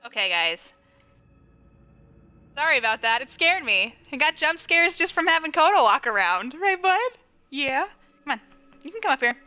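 Bright, high-voiced jumpy woman streamer. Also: sing-song, moderate pace, pauses often, soft background music. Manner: jumpy, giggly, chatty with viewers and her dog. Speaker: game streamer. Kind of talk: live gameplay commentary. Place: home, on a couch. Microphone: close microphone.

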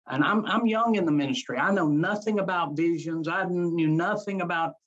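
A pastor with a high, slightly bright voice tells his life story in an interview at a moderate pace. He speaks earnestly, repeating phrases and acting out things he once said, and the recording sounds dull and lo-fi.

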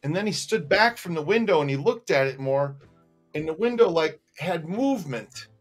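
A man co-hosting a casual livestream, telling stories with animated energy, often laughing and reading out viewer comments. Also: fairly high pitch, normal speed, faint music behind. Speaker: co-host. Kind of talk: casual livestream chat and storytelling.

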